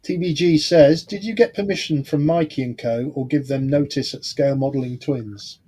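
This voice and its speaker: A man co-hosting a model-building stream, telling stories in a relaxed way and reading viewer comments. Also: a little high, normal speed, breathy edge. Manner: relaxed storyteller, laughs along.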